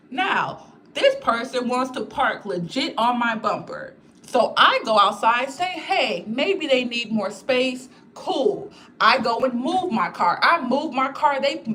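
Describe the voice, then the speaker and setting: A young woman talking casually to her viewers, candid and lively, full of "like" and "y'all". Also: on the high side, slight background noise. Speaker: spiritual content creator. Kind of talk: casual livestream chat.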